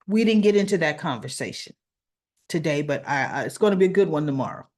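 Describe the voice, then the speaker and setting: A woman's voice: low voice, animated, quick pace, darkish tone. A woman giving a chatty recap of a soap opera, retelling scenes in quoted dialogue, with a sore throat and a cough. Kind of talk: casual recap monologue.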